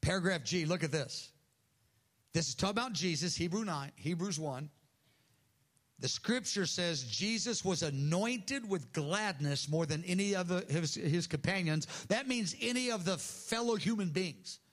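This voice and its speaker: A man's voice: sits high, animated, moderate pace, a bit bright. An older man preaching an earnest sermon to a congregation, acting out voices in the prayers he quotes. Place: church hall with audience.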